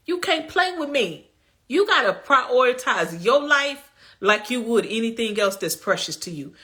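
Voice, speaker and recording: A young adult woman, a lifestyle vlogger, speaks straight to her viewers in a preachy, emphatic, folksy motivational talk about self-care. Her voice is a little high and bright with a forceful tone, and her manner is colloquial.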